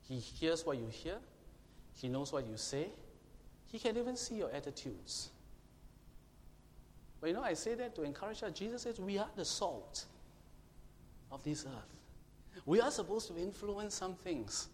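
A man's voice: high-pitched, very animated, measured pace, pauses often. Emphatic male preacher in an echoing hall. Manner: emphatic, questions the congregation, shouts to illustrate. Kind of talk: sermon. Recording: long hall reverb, faint room noise.

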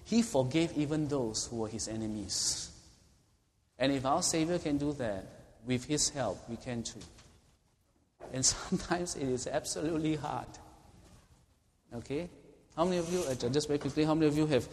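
A man's voice: mid-range voice, normal speed, a little mellow. Man, pastor, earnest sermon, long hall reverb, faint room hum. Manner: earnest, repeats key points, asks the room questions.

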